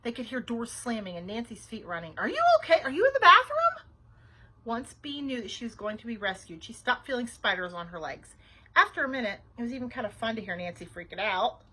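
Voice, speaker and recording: A librarian reading a children's chapter book aloud with expressive, animated delivery and asides. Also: female voice, fairly high pitch, brisk, breathy edge, low-quality recording. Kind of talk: children's storytime read-aloud.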